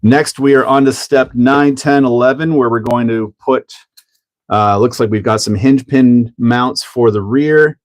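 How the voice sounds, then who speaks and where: A man hosts a relaxed hobby livestream and talks through a model car build. He is chatty and laughs a lot, and he greets viewers by name in an ordinary mid-range voice. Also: medium pitch, a little slow. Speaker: livestream host. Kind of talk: casual live chat while building a model.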